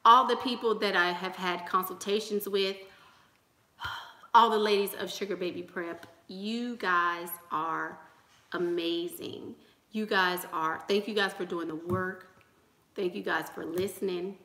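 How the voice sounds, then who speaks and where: A woman's voice: lowish voice, steady tone, measured pace, bright, forceful tone, echoey room. A young woman giving an emphatic, sermon-style motivational talk to her channel's viewers, repeating rallying lines. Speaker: YouTube channel host.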